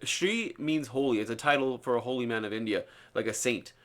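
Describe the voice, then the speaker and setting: A man's voice: mid-range voice, a little fast. A man live-streaming, talking casually and earnestly, preaching about a book he reads to his viewers.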